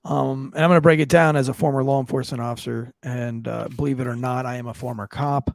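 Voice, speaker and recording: A man's voice: medium pitch, steady tone, quick pace, creaky, no room sound. A man in his thirties, a former police officer co-hosting a true crime podcast, talking in blunt, profane, joking banter. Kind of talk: casual banter.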